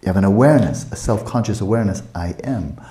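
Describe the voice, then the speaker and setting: A man in his sixties teaching a meditation retreat, talking calmly and reflectively and asking many searching questions. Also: fairly low pitch, fast. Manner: calm, reflective, asks many rhetorical questions.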